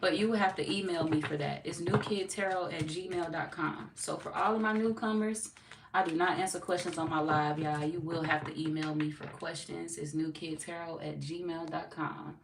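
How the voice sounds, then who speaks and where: A woman tarot reader from Missouri, talking loosely to her live chat. She is blunt and joking and swears now and then. She sits back from the mic in an echoey room, with clear noise under her voice. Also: sits low, steady tone, normal speed, distant mic. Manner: blunt, playful, swears freely, laughs often. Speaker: tarot reader hosting a livestream. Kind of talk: casual livestream chat reading viewer comments.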